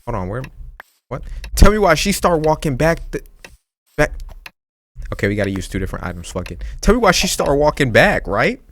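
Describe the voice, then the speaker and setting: A young man telling a story in casual slang while playing a game, animated and swearing freely. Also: fairly high pitch, brisk, long pauses. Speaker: gaming youtuber. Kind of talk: casual storytelling over gameplay. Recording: game music in background.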